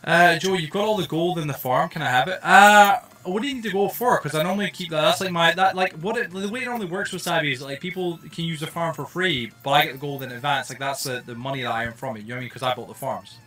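A young man from Scotland with a softened Scottish accent, chatting casually and rambling with lots of fillers while streaming a game. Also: a little high, fast talker, hardly any pauses, faint music behind. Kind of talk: casual livestream chat while playing.

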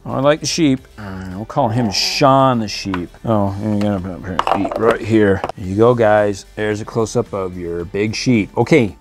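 A man hosting a casual toy unboxing video, chatty and excitable, often breaking into laughter. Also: fairly low pitch, measured pace.

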